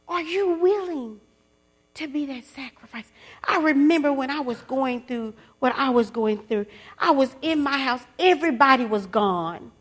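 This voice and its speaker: A woman giving a testimony sermon to other women. She swings from loud preaching to hushed whispers and calls on listeners to repeat after her. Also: sits high, lively intonation, moderate pace. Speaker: speaker at a women's gathering.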